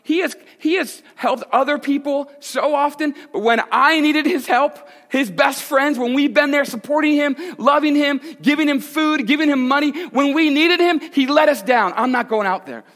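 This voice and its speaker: Preacher man doing an angry grieving woman, bitter and pleading, high voice, echoey hall. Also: moderate pace, few pauses, a bit bright.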